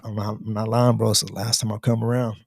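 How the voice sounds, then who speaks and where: A man's voice: on the low side, little pitch movement, fast, vocal fry, darkish tone, breathy edge, no echo, clean studio sound. A man in his thirties telling his faith testimony in casual storytelling, emphatic, with slang and many restarts. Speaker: guest sharing testimony.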